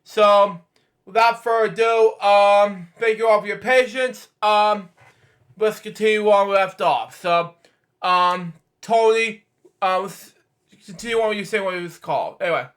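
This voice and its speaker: A man hosting a reaction video, pausing a podcast to talk to viewers and cutting in with repeated amazed interjections. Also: high-pitched, a bit bright. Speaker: reaction channel host. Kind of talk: casual reaction commentary.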